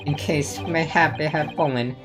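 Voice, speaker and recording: A woman streamer voicing an eccentric old man witness from a game, speaking in archaic formal phrasing with her voice pushed lower. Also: steady tone, moderate pace, close to an everyday voice. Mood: pompous. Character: eccentric old male treasure-hunting witness. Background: game music.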